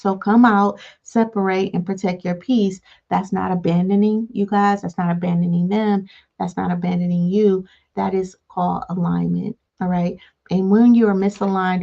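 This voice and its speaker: Woman, gravelly voice, motivational life-coach talk, dull lo-fi recording. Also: fairly low pitch. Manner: repeats "all right" between points, acts out calm replies. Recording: dull lo-fi sound.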